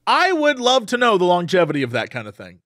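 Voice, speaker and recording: Lively high-voiced man ranting on a podcast. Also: quick pace, dry recording, studio quality. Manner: animated, opinionated ranting. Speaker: podcast co-host. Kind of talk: casual chat.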